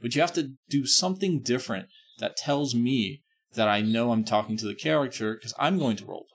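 A man's voice: medium pitch, fairly quick, breathy edge. A man hosting a podcast in casual chat, talking in a rambling, emphatic way and correcting himself as he goes. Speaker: podcast host.

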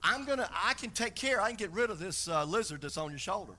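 A man's voice: high-pitched, animated, quick pace, pushed and bright, full character voice. A male preacher voicing a reassuring male angel in a sermon story. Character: calm male angel offering deliverance.

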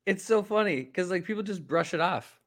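A man's voice: sits high, expressive, fairly quick, dry recording, studio quality. A man co-hosting a casual political podcast, rambling with many fillers and restarts. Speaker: podcast co-host.

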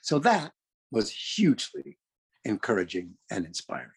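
Older california guy, husky voice, rambling chatty storytelling, keeps correcting himself. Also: lowish voice, huge pitch swings, a little slow. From California, USA. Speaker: storyteller recounting his career. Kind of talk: anecdotal storytelling.

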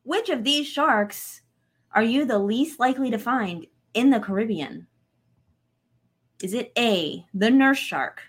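A woman's voice: a little high, expressive, slow pace, husky. A woman co-hosting a casual quiz chat, reading questions plainly with small jokes. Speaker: co-host.

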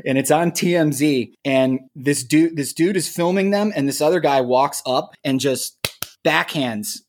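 A man's voice: a little high, unhurried. A man co-hosting a podcast, telling stories in a blunt, profane, amused way. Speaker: podcast co-host. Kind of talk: casual podcast chat.

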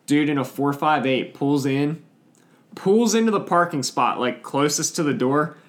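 A man's voice: fairly high pitch, animated, a little slow. Laid-back man hosting a car podcast. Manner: laid-back, swears casually, trails off with ums. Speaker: podcast host. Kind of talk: casual podcast chat.

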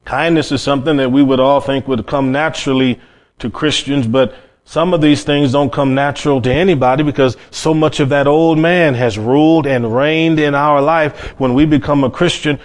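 A middle-aged man preaching a sermon as a pastor, folksy, with sudden emphatic bursts and soft drop-offs. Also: on the high side.

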